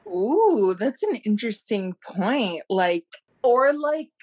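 A woman's voice: a little high, very animated, slow pace, darkish tone. A woman co-hosting a podcast, bantering playfully and with sass about a film. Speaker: podcast co-host. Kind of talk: casual movie review chat.

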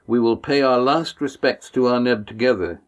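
A man's voice: mid-range voice, normal speed, natural voice. A man voicing a resolute young ship's captain, firm and formal.

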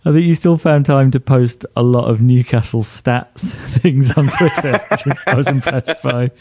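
A man's voice: medium pitch, moderate pace, a little mellow, no room sound, studio quality. A man on a casual football podcast, chipping in with wry, ribbing remarks. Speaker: podcast regular.

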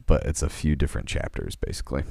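A man's voice: extremely low pitch, sing-song, quick pace, gravelly, dark tone, slightly rough, no echo, studio quality. A young man co-hosting a podcast in casual chat, rambling and laughing as he talks. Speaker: podcast co-host.

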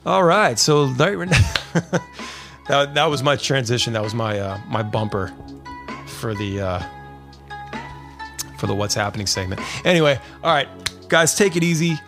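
A man's voice: medium pitch, unhurried, pauses often, music in the background. A man hosting his podcast stream in a laid-back, rambling chat, dropping fillers and calling listeners "dude". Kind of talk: casual live-stream chat.

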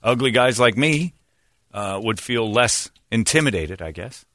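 A man from San Diego hosts a comedy talk show, his medium-pitched voice animated, a bit bright, and at a measured pace. In casual comedic banter he tells crude, rambling stories with laughs.

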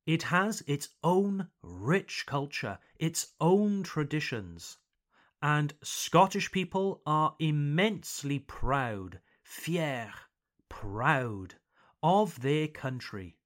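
A British man hosting an English lesson podcast, reading a scripted explanation slowly and carefully and adding French translations. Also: on the high side, very animated. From United Kingdom. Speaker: podcast host teaching English. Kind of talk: scripted educational narration for learners.

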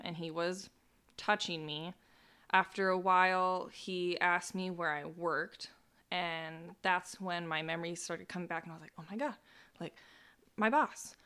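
Young woman, twenties, interview guest, lowish bright voice, rushed and full of "like". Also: clear, resonant tone. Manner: talks in a rush with nervous laughs and "like". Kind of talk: personal account in an interview.

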